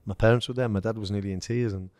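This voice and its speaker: English ex-footballer guest, low dry voice, anecdotal and animated. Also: male voice, very fast, dry recording. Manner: storytelling, acts out quoted dialogue, laughs. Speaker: former footballer, podcast guest. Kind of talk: casual anecdote telling.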